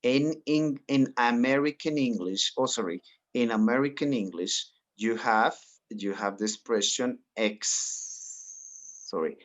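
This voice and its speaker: A man's voice: mid-range voice, expressive, normal speed, dull audio. Man, English teacher, encouraging, video call class. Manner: encouraging, mixes in Spanish explanations. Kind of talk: online class instruction.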